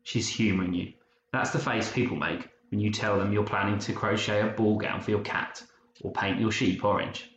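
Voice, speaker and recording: A man's voice: fairly low pitch, fairly even intonation, moderate pace, a bit bright, natural voice. A man voicing a frightened, loyal young boy who talks in urgent, breathless bursts. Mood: teasing. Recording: muffled roomy recording, faint hiss.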